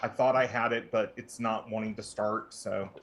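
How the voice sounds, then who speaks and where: A man, a player in a tabletop game, describing his character in relaxed, rambling sentences with fillers. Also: fairly low pitch, normal speed, a little hiss or hum.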